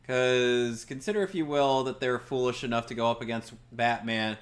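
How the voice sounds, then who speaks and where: A man's voice: mid-range voice, fairly even intonation, moderate pace. A man doing casual let's-play commentary, joking wryly and sarcastically while he plays. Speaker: gameplay commentator.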